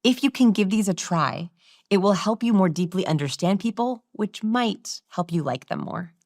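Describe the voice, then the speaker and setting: A woman's voice: mid-range voice, animated, moderate pace, a little mellow, no echo, studio quality. A middle-aged woman, a guest expert on body language, talking in a conversational podcast interview and animatedly acting out vocal inflections as she explains.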